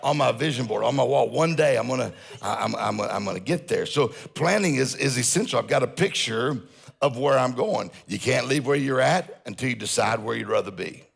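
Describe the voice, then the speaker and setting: Gravelly-voiced man telling stories on stage. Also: mid-range voice, animated, brisk. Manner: storytelling, jokes with audience. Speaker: motivational speaker. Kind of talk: humorous seminar talk.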